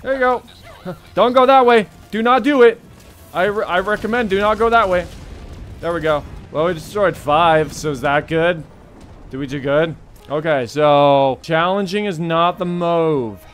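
A man hosting a gaming channel, giving excitable let's play commentary full of yelps and laughter. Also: a little high, unhurried, faint music behind.

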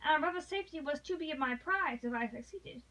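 A woman's voice: high-pitched, animated, brisk, a bit bright, distant mic, poor audio. A woman voicing a noble English lady who pleads with passion, read aloud from a novel. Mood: pleading. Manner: impassioned, pleading.

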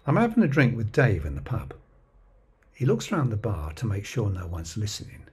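Guy doing a spoken-word story, husky voice, swings up and down a lot. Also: on the low side, huge pitch swings, normal speed, darkish tone. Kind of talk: comic storytelling monologue.

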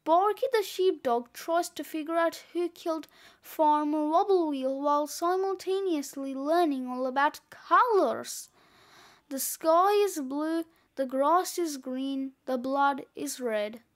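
A woman reads a children's book aloud in a high voice. She tells the story slowly and with care. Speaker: reader.

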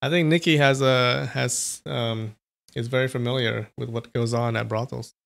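A man's voice: medium pitch, fairly even intonation, normal speed, creaky, fairly bright tone. A man reading a novel aloud on a live stream, stopping to chat about viewers' comments. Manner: chatty, reacts to viewers' comments.

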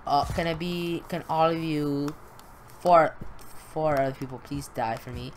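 Rambling low-voiced woman gaming, noisy recording. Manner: rambling, excitable, talks to viewers. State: losing voice, clearing throat. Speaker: gaming video host. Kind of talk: live gameplay commentary. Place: home room, brother nearby.

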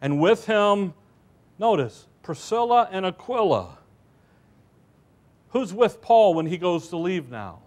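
A man's voice: a little high, darkish tone. A man preaching a church sermon in a folksy storytelling way, with asides to the listeners.

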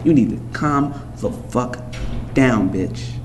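A man's voice: mid-range voice, expressive, takes it slowly. A young man vlogging to camera in a casual, profane rant, blunt and mocking as he talks over music and forum posts.

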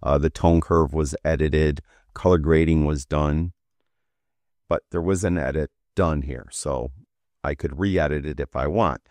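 A man walking through a software feature in a casual screen-recorded tutorial, talking while he clicks, with relaxed fillers. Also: very deep voice, unhurried, dry recording.

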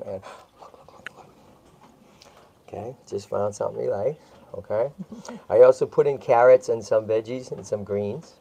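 A man's voice: fairly low pitch, gravelly, slightly rough. A man hosting a casual livestream who chats and keeps checking in with "right?" and "okay?", cooing to a baby squirrel as he handles it. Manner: coos softly to the animal. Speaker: channel host and tortoise rescuer.

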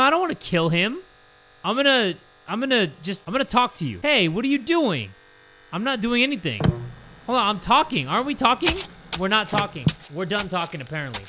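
Lively, bright-voiced young man gaming. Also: high voice, noisy background. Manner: goofy, excitable, swears often, jokes to viewers. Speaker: gaming YouTuber. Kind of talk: horror game commentary.

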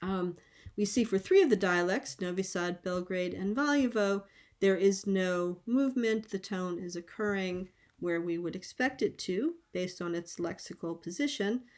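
Woman lecturer, mid-range voice, measured and explanatory, pauses with ums, video-call talk. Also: medium pitch. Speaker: linguistics lecturer. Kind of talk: academic conference talk.

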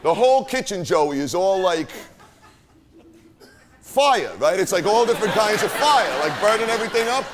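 A man's voice: sits high, sing-song, moderate pace. A man performing a swaggering, profane streetwise young guy on a live stage, telling a rowdy party story and forever asking "right?". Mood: boastful. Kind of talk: live stage character monologue. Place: theater stage.

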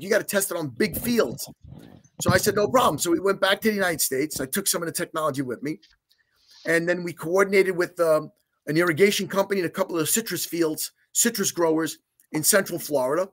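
Man, interview guest, fairly high voice, lively storytelling, acts out quotes, lots of restarts. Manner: talks with many restarts and filler. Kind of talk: animated storytelling.

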